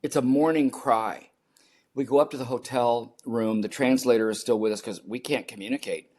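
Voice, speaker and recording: A man's voice: medium pitch, fairly even intonation, moderate pace, darkish tone. A man in his seventies, a podcast guest, earnestly telling a personal story and repeating key phrases for emphasis.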